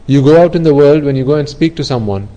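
The audio is poor as a man with a dark, rather high voice talks fast through an earnest Buddhist dharma talk. As a teacher, he illustrates ideas with everyday examples and keeps repeating himself.

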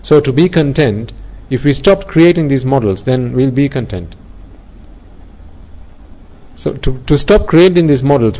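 On a low-quality recording, a Buddhist teacher with a warm, mellow voice pitched at an ordinary middle level for a man gives an earnest dharma talk. He relies on everyday examples, restarting and repeating phrases as he talks.

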